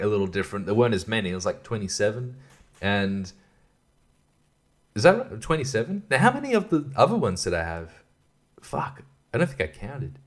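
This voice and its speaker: A man hosting a podcast, rambling casually with profane, exasperated rants. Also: on the low side. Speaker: podcast host.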